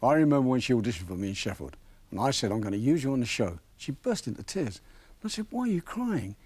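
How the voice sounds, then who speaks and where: A man's voice: medium pitch, sing-song, fast talker, darkish tone, husky. Man fondly recalling a comedian. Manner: fond storytelling with quoted dialogue. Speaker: TV talent show presenter giving a tribute. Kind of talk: spoken tribute.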